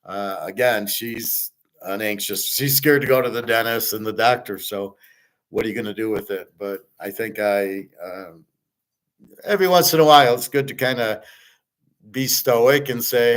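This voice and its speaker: A man's voice: on the low side, measured pace, rough recording. Rambling man in a casual monologue. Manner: rambling, tells stories with quoted dialogue. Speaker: host.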